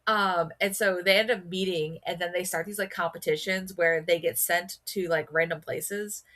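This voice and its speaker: A woman's voice: lowish voice, fairly even intonation, moderate pace, fairly bright tone. A woman co-hosting a book podcast in casual chat, talking with many "like" fillers. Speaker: podcast co-host.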